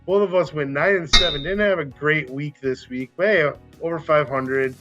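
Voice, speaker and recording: A man's voice: fairly high pitch, moderate pace, over loud music. A man hosts a casual football podcast in a slightly raised voice. He rambles, corrects himself mid-sentence, and the recording sounds a little dull. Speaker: podcast host. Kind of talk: casual chat.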